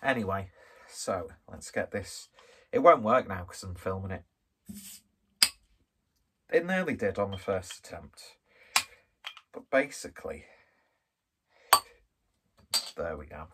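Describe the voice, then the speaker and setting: With a noisy background behind him, a man from Skelmersdale in northwest England chats through a beer review, rambling and making self-deprecating jokes. He has a deep voice with big pitch swings, speaking slowly and pausing often.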